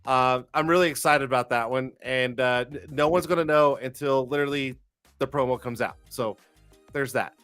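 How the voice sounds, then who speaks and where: A man's voice: mid-range voice, moderate pace, fairly bright tone, smooth, soft background music. A man hosting a casual live-stream talk show, loose, profane and jokey, with lots of fillers and restarts. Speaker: livestream talk show host.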